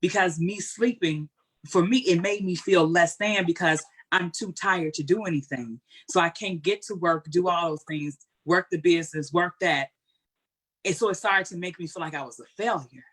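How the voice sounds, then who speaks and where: A woman with a somewhat low voice speaks candidly in an interview. Her delivery is earnest and colloquial, with an animated storytelling flow. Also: moderate pace, husky. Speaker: guest speaker. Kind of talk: heartfelt conversational interview answer.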